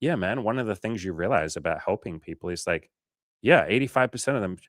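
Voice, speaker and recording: Low-voiced swearing male coach. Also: lively intonation, fast talker, dry recording, clean studio sound. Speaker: coach hosting a livestream. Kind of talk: casual livestream Q&A, reading chat.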